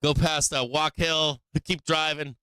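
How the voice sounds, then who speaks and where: A man chats on a stock market livestream, cursing freely and breaking into laughter as he jokes with his chat. His voice is bright and clear. The close mic gives a dry, intimate sound. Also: a little high, level tone, a little slow, no room sound. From Massachusetts. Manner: profane, laughs often, joking with chat.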